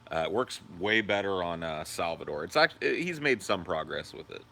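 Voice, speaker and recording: Deep bright-toned man chatting on a stream. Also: lively intonation, normal speed, gravelly, slight background noise. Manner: rambling, profane, answers viewer comments; high sing-song baby talk to his dog. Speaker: livestream host. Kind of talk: casual livestream chat.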